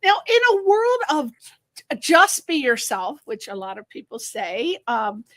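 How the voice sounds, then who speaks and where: A woman's voice: high voice, big pitch swings, slow pace, a bit bright, no room sound. A woman from Connecticut hosting a live talk show, chatty and effusive, often restarting her questions. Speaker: host.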